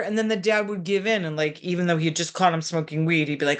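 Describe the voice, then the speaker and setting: A middle-aged woman therapist talks through parenting advice in a loose, animated way. Her voice sits a little low, and she speaks with frequent asides and restarts. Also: fast, hardly any pauses. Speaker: therapist in private practice. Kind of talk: conversational advice talk. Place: local community TV program.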